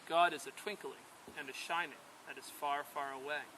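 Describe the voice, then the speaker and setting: A man's voice: on the high side, steady tone, normal speed, pushed and bright, slight background noise, rough recording. A man reading a proud shining star. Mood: insistent.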